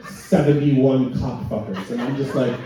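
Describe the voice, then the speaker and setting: A man doing a stand-up set, telling crude stories in a deadpan way and putting on voices for the people he quotes. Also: medium pitch, a little slow. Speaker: stand-up comedian. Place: comedy night in a function hall. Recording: echoey hall, distant, dull and lo-fi. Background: audience laughter.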